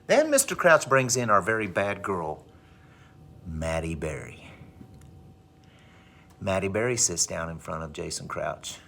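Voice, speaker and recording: A male teacher telling a dramatic story to his class with animated delivery. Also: low-pitched, a little slow, vocal fry, long pauses. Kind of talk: storytelling in a lesson.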